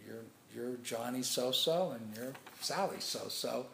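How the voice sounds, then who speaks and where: A man's voice: medium pitch, a little slow, vocal fry, a bit bright, slight background noise. A man voicing a rich, righteous king disguised as a peasant in a story, plain and kindly. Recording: echoey room.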